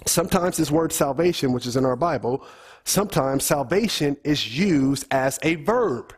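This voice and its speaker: A man's voice: on the high side, expressive, normal speed, breathy edge. A middle-aged man preaching a teaching sermon in a church, asking the congregation questions as he goes. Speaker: pastor.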